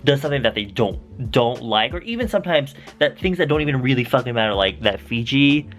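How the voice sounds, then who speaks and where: A man's voice: mid-range voice, expressive, a little fast, a bit bright, soft background music. A young American man answering viewer questions in a casual vlog. He swears a lot and rambles off on tangents. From United States.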